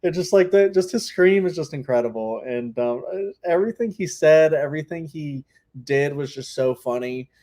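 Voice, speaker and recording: A man's voice: fairly high pitch, animated, moderate pace, mellow. A man co-hosting a casual podcast chat, talking in a rambling way full of filler words. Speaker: podcast co-host.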